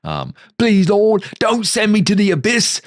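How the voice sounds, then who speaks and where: A man voicing a cowering, lowly male demon imp who pleads in a whiny Cockney accent. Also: wildly swooping pitch, measured pace, dry recording, clean studio sound, full character voice. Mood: pleading.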